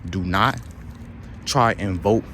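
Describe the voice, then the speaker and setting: A man vlogging casual commentary, slangy and rambling, who keeps coming back to the same fillers. His voice sits low. Traffic noise from outdoors is clear behind him. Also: takes it slowly, bright, forceful tone.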